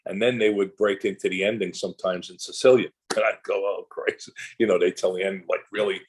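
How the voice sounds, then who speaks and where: A man's voice: sits low, fairly even intonation, a little fast, poor audio. An older man, an actor guest in a casual interview, telling long rambling anecdotes full of restarts and asides.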